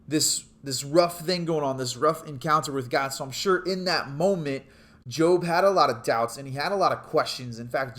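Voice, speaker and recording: A man's voice: fairly high pitch, a bit bright. A young adult man giving a casual youth sermon as a youth pastor, chatty and joking as he tells stories.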